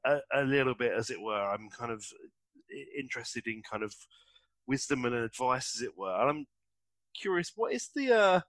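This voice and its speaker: A man's voice: medium pitch, a bit bright, dry recording. A man hosting an interview, enthusiastic and stumbling over his questions. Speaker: podcast host.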